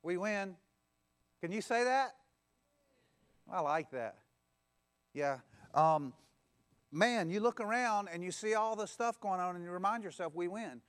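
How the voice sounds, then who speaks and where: High-voiced man preaching a sermon. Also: measured pace, pauses often, a bit bright, clean tone. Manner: exhorting, repeats phrases and leads call-and-response. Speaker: pastor. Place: church.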